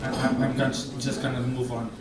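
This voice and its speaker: A man's voice: mid-range voice, flat delivery, a little fast, over a noisy crowd. A man performing a live stand-up set in a bar, hesitant with stammering restarts. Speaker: stand-up comedian. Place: bar stage, indoors. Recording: roomy, distant mic, faint ambience.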